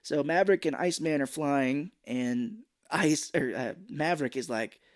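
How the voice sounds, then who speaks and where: Man recapping a movie with impressions. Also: fairly high pitch. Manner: retells scenes with quick impressions of characters. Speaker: podcast co-host. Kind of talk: casual movie recap podcast.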